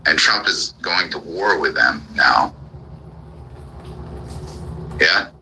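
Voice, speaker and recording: A man's voice: very deep voice, animated, takes it slowly, pushed and bright, a little hiss or hum, rough recording. A man from the United States hosting a live audio room, ranting angrily and full of profanity, firing off repeated commands and questions. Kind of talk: heated political rant.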